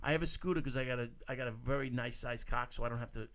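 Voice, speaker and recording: A man's voice: mid-range voice, rapid-fire. A man bantering crudely as host, joking and telling a made-up story. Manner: animated, jokey, puts on voices mid-story.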